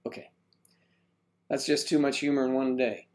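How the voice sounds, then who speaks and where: An older man with a medium-pitched, level voice at normal speed hosts a casual livestream chat. He reads viewer comments aloud, joking and teasing.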